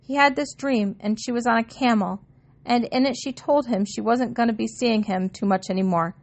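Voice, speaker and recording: Woman doing a dream mom, calm and knowing, gentle but pushing, a bit higher. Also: moderate pace, natural voice. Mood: urgent, tender. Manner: gentle, urging.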